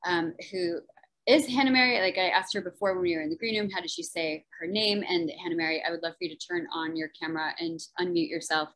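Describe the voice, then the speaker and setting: A woman's voice: lowish voice, fast, fairly bright tone, poor audio. A woman from New Jersey hosting a virtual book event on a video call, chatty and enthusiastic. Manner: chatty and enthusiastic, lots of fillers. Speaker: event host and moderator.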